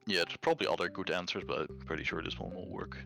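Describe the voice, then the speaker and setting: A man's voice: low-pitched, fast talker, vocal fry, over music. A young man streaming a game with a friend, laying out the plan step by step and chuckling along. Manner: explains plans step by step, chuckles. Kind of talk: casual let's-play chat.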